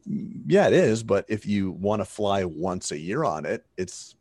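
A man co-hosting a podcast, talking in a relaxed way with lots of fillers. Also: lowish voice, moderate pace, hardly any pauses, no room sound, clean studio sound. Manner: relaxed and talkative, full of fillers. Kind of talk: casual conversation.

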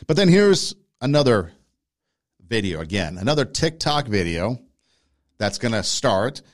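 A man's voice: on the low side, very animated, unhurried. Argumentative male podcast host. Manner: argumentative, addresses listeners directly. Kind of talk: opinion commentary.

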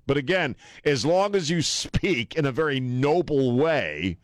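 A man's voice: measured pace, no room sound, studio quality. Blunt, joking male talk radio host. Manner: blunt, joking, laughs often, lively swoops in pitch. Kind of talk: casual radio banter. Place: radio studio. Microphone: studio microphone.

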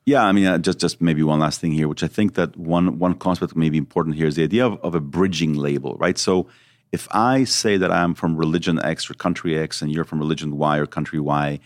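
Low-voiced man, earnest and reflective. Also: a little fast, dry recording, studio quality. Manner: earnest, reflective, explains with examples. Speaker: guest. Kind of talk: podcast interview.

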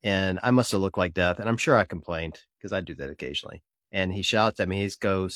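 A man co-hosting a podcast who tells animated, self-deprecating stories in casual conversation. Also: sits low, fast talker, dry recording, clean studio sound. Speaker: podcast co-host.

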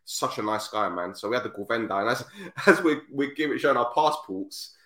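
A man's voice: medium pitch, a little fast, roomy sound. A man hosting a football podcast, telling stories in casual chat and acting out the people in them. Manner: animated storyteller, acts out voices, repeats himself. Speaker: podcast host.

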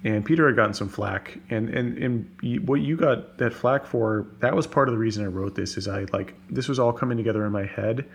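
A man in a relaxed conversation as a podcast guest, speaking fast with many fillers and restarts over a video call. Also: mid-range voice, vocal fry, breathy edge. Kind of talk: casual conversation. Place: home office on a video call.

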